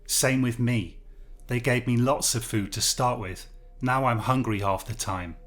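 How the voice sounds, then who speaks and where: A man's voice: mid-range voice, unhurried, close to an everyday voice. A man voicing an anxious, pompous male schoolteacher held prisoner, pleading in an earnest, prim way in a story reading. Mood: persuading.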